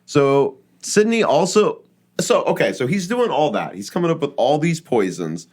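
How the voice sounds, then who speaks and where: A man's voice: fairly high pitch, sing-song, normal speed, darkish tone. A man hosting a casual podcast, telling a researched story in a chatty way with frequent fillers. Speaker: podcast host.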